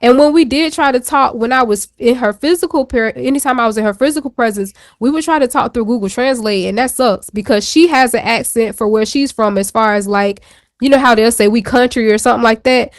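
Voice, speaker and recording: A woman's voice: a little high, fairly quick, no echo, studio quality. A woman co-hosting a talk show, telling a personal story in a candid, chatty way with slang asides. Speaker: show co-host. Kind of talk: casual chat.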